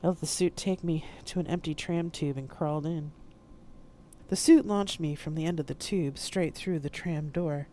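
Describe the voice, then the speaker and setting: Woman reading her own story on stream, deep mellow voice, steady. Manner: steady first-person narration. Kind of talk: live-streamed audiobook reading.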